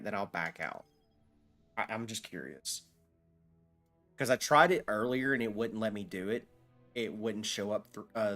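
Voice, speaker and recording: A man with a fairly low voice chats casually while streaming a game. He rambles, restarts sentences and fills pauses with "um" as he answers his viewers. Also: fairly bright tone. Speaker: gaming streamer. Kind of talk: casual live-stream chat while gaming.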